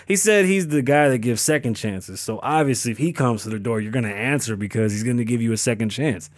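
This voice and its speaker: A man's voice: medium pitch, brisk, hardly any pauses, no echo, studio quality. A man hosting a podcast, riffing on news in a casual, profane, joking way. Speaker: podcast host. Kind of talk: casual commentary.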